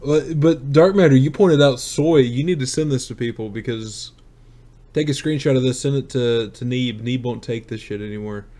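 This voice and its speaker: A man's voice: medium pitch, moderate pace, mellow. A man co-hosting a casual comedy podcast, laughing and joking with friends. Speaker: podcast co-host.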